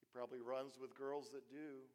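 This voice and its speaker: A man preaching a sermon as pastor, animated and repetitive, dropping suddenly soft between louder phrases. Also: medium pitch, moderate pace. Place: church. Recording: long reverb of a church hall.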